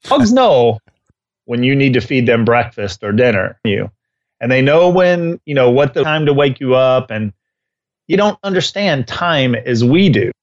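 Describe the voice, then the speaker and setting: A man who trains dogs, co-hosting a podcast in casual chat and telling stories with lively acted-out bits. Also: medium pitch, unhurried, highs cut off. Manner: animated storyteller who acts out scenes. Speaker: dog trainer and co-host.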